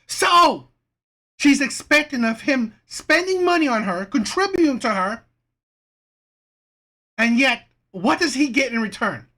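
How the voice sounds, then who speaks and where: Woman commentary host, emphatic and indignant, high-ish voice with big swings. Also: sing-song, unhurried, long pauses, bright, forceful tone. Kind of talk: reaction commentary.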